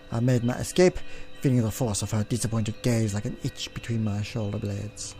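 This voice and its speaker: A man hosting a let's play, reading a text adventure aloud and clearing his throat often, with offhand asides. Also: fairly low pitch, fairly even intonation, normal speed, few pauses, mellow, soft background music.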